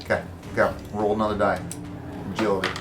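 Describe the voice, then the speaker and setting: A man running a tabletop zombie game as game master, narrating with an animated delivery. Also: fast, echoey room, noisy background. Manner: animated, acts out panicked characters in high voices.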